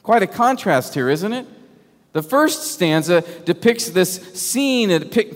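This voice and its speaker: A man preaching a sermon, emphatic and full of rhetorical questions, sometimes dropping to a hush. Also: high-pitched, lively intonation, unhurried. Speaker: pastor. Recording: long hall reverb.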